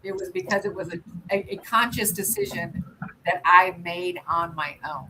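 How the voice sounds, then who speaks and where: An American woman runs a casual livestream, doing nail art while she chats and rambles with plenty of ums and restarts. Her voice is lowish, bright, and forceful at a normal speed, and the low-quality recording carries a slight hiss or hum.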